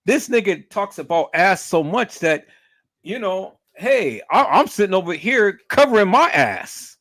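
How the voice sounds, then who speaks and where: On his stream, a man gets heated in a profane rant, stumbling on repeated words and restarting. He sounds high, very animated, and fairly bright at a measured pace, in a dry, clean studio recording.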